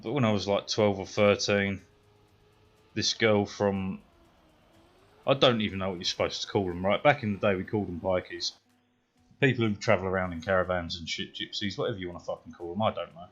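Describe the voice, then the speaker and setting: A British man streaming a game, telling a story in a casual, profane way that grows animated and louder as he gets worked up. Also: low-pitched, fairly quick, dull audio. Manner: profane, swears constantly. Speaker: gaming streamer.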